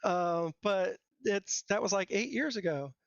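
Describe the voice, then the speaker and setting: High-voiced rambling middle-aged man. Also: a little slow, vocal fry, no room sound. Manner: rambling, self-deprecating, full of fillers and restarts. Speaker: guest software engineer. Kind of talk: casual interview talk. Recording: dull dry lo-fi sound.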